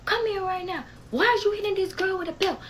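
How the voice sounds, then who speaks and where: Lady doing a mad dad yelling at his son, pitched way up, sharp. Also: fast talker, a little hiss or hum. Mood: angry scolding. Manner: yelling, scolding. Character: angry middle-aged father scolding his son.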